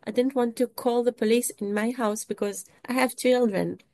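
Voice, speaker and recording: A woman, an English speaker, giving an emotional first-person testimony in a halting way, often repeating and restarting words. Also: on the high side, steady tone, darkish tone.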